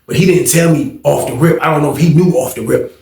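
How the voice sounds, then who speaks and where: Male storyteller, slightly raised pitch and a gravelly edge, animated delivery, roomy sound. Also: fast. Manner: animated, acts out quotes and sound effects. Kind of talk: casual storytelling.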